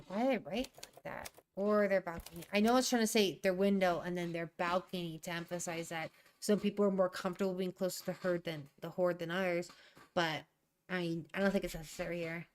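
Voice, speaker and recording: A young woman thinking aloud while she edits a draft, rereading her sentences and ranting in asides. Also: on the low side. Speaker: writer streaming a writing session.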